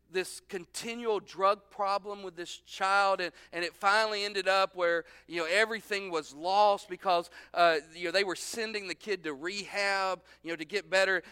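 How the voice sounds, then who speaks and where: A man with a high, bright, crisp voice preaching a sermon. He talks conversationally and slips into the voices of the people in the story as he goes. The sound is dry and close. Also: dry recording. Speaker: pastor.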